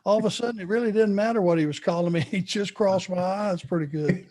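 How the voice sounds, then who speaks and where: A former wrestler, now an older man, fields fan questions by telling wrestling stories in a relaxed chat, laughing throughout. He talks fast in a high voice with a darkish tone.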